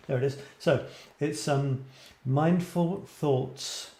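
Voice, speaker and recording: A middle-aged man from Scotland hosts a live creative writing show, talking in a loose, rambling way that doubles back on itself as he chats with his viewers. His voice is mellow and of middling pitch. The sound carries a noticeable room echo. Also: slow. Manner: rambling, self-interrupting, chatty with viewers. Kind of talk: casual live-stream chat.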